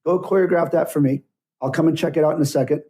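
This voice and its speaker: A middle-aged stunt coordinator bluntly tells work stories in a casual interview, acting out both sides of conversations. His voice is on the high side, steady and mellow, with a quick pace.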